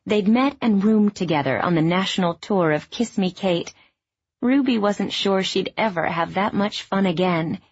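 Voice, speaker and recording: Husky woman narrating a novel. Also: on the low side, no echo, highs cut off. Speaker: audiobook narrator. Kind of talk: scripted narration.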